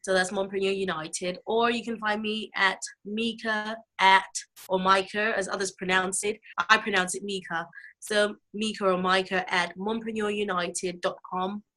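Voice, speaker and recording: A woman from the UK talks as an interview guest. She sounds earnest and encouraging, with a few fillers, and speaks at a middling pitch. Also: little pitch movement, normal speed, pushed and bright, rough recording. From United Kingdom. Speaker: author and business mentor. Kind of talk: casual interview talk.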